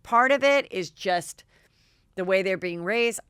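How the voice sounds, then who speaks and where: Animated gossiping woman host, smooth and dry. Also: medium pitch, unhurried, dry recording. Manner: animated, acts out quotes in raised voices. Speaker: podcast host. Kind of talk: gossipy recap of reality TV.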